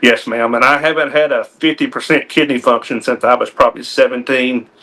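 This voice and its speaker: A man tells a personal story in a TV interview, his voice bright and clear. He talks in a folksy, earnest way, often restarting his sentences with an "uh." He is a game warden speaking plainly. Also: mid-range voice, fairly even intonation, a little fast.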